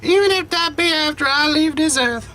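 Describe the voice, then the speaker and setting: A man voicing a frail, tender elderly grandmother in a game, with a high, quavering old-lady voice and slow, drawn-out lines. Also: sharp tone, a little hiss or hum, low-quality recording. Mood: wistful.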